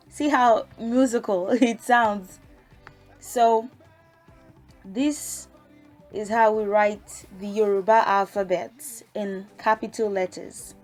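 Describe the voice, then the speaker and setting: A woman teaching a language lesson in a casual way, reciting letters one at a time and explaining with relaxed fillers. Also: mid-range voice, slow pace, soft background music.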